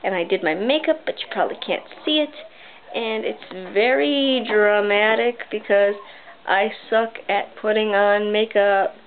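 A young woman chats bubbly through a product review, filling gaps with ums. Her voice sits in a middle pitch. The audio is thin and tinny from a home camera mic in her bedroom. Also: unhurried. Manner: chatty, bubbly, many ums. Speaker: beauty vlogger.

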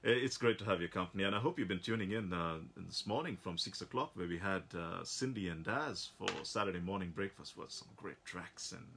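A man's voice: deep voice, brisk, few pauses, fairly bright tone, a little hiss or hum. A man hosting a radio show, telling a story in a rambling way with many restarts. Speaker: radio host.

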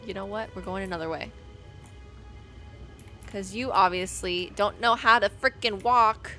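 A young woman giving excitable let's-play commentary, chatting to in-game animals and squealing when things go wrong. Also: medium pitch, a little slow, faint music behind. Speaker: gaming video creator.

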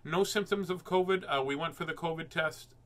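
Bright-voiced jokey man reading a storybook. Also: a little high, fairly quick. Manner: rambling and jokey, with many fillers and silly sounds. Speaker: host reading children's books aloud. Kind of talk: playful live book reading with chatty asides.

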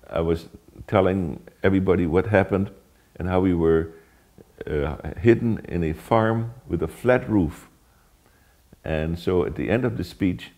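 An older man from the Netherlands, telling his life story in a plain, halting way with frequent pauses. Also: low-pitched, dark tone. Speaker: Holocaust survivor giving testimony. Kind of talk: spoken personal testimony.

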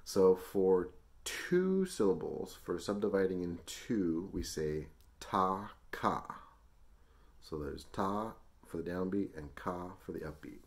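Deep-voiced male music teacher, easygoing and chatty, demonstrating counting on camera. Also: takes it slowly, slight background noise. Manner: relaxed, chatty explanations with ums and small laughs. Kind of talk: music lesson, demonstrating rhythm syllables.

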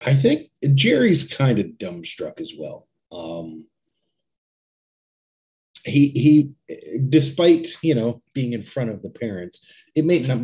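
A man's voice: lowish voice, mellow. A man playing in a tabletop game, explaining his character's reaction in a hesitant way. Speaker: player. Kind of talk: casual tabletop play.

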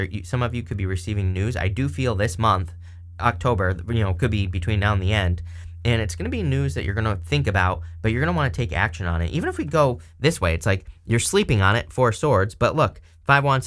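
A man giving a casual, chatty tarot reading, animated and full of fillers, laughing now and then. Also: medium pitch. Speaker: tarot reader.

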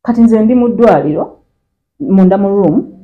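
A woman's voice: mid-range voice, moderate pace, narrow, tinny audio. A woman with a Ugandan accent, a guest in an interview, recounting a personal story and switching between Luganda and English in a conversational way.

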